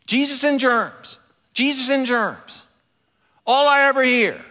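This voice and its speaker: A man's voice: extremely high pitch, lively intonation, slow pace, sharp tone, pitched above the performer's own voice, exaggerated voice. A man voicing a little six-year-old boy muttering in exasperation, in a sermon. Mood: grumbling. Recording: long hall reverb.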